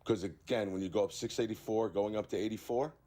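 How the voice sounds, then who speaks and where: Middle-aged guy from new york calling in, low pitched, talks in fits and starts, sounds worn out. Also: steady tone, warm tone. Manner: tired, halting, argumentative. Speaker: caller. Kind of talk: debate on a live stream.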